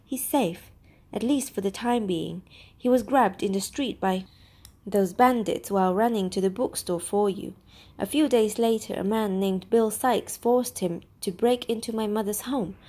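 A woman's voice: medium pitch, a little slow, mellow, close to an everyday voice. A woman voicing a polite, reassuring young man in a storybook reading.

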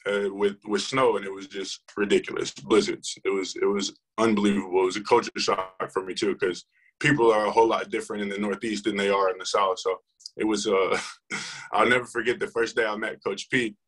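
A man's voice: lowish voice, level tone, fairly quick, a bit bright, poor audio. A young man, a football player, telling his story in a casual interview, rambling with many fillers and restarts.

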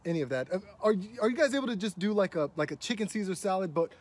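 A man's voice: sits high, expressive, racing, a little mellow. A man in a comedy sketch playing an exasperated dad pleading and scolding. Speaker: comedy creator.

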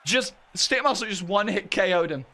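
Hoarse man hosting a live stream. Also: sits high, normal speed. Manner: excitable, shouts play-by-play. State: hoarse, voice worn out. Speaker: streamer and event host.

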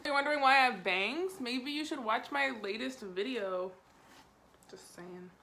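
A young woman chatting excitedly at home as she unboxes makeup, gasping and giggling as she goes. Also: a little high, normal speed, slight background noise. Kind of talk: excited casual unboxing chat. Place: home room.

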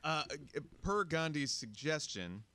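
Bright, lively man running a game on air. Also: fairly high pitch, a little slow, smooth, dry recording. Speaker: morning show co-host running a game. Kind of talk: casual group banter.

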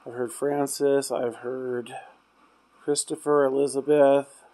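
A man investigating spirits in an old hotel room at night, chatting casually and trailing off into quiet asides. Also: medium pitch, flat delivery, takes it slowly. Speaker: paranormal investigator. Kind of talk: casual chat during ghost hunt.

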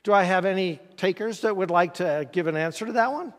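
A male pastor gives a folksy, conversational sermon and pauses to ask his congregation questions. His voice sits noticeably high for a man. The sound carries the long reverb of a church sanctuary.

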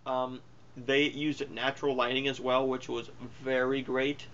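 A man's voice: mid-range voice, level tone, a little slow, fairly bright tone, highs cut off, a little hiss or hum. A man giving a casual spoken movie review in a rambling, offhand way, full of fillers and self-corrections. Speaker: film reviewer.

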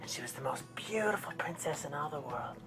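Man whispering a lively bedtime story. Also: fairly high pitch, a little fast, music in the background. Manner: hushed, lively, acts out story characters. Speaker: father telling a bedtime story.

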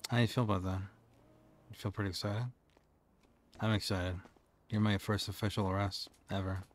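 A young man in character as a police officer during game role-play, speaking in a calm, coaxing tone. His voice sits a bit on the low side. He keeps up a dry, joking patter. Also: normal speed, slight background noise.

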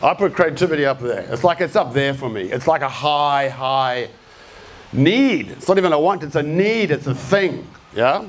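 An Australian man gives a live talk at a creative event, speaking casually and bluntly to an audience in the room. He swears freely and quizzes the crowd in an animated voice on the high side, at a moderate pace.

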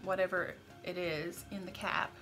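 A middle-aged woman with a bright, crisp voice, upbeat and easily delighted in casual chat. Soft music sits faintly behind her. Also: fairly low pitch, fairly even intonation, moderate pace, low-quality recording. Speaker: vlog co-host, mother.

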